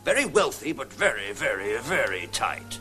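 An actor playing a genial, theatrical Victorian novelist in a scripted comedy sketch. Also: male voice, mid-range voice, sing-song, normal speed, bright, forceful tone, soft background music. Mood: jovial. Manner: grand, theatrical delivery with lilting rises. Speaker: sketch character.

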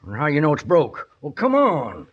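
An actor playing a grizzled, sly old outlaw with a broken leg, speaking in a gravelly Old West drawl with backwoods grammar, groaning and wheedling, in 1950s radio drama style. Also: male voice, a little high, huge pitch swings, normal speed, background noise. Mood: hurting. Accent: American Old West drawl. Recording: dull old radio recording.

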